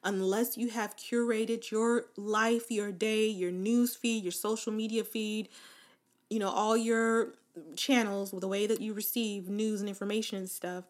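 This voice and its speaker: A woman giving a casual, encouraging motivational talk, leading the listener through spoken affirmations with relaxed slang. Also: medium pitch, a little slow. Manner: informal slang, fillers like "like" and "right?". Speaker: self-help speaker.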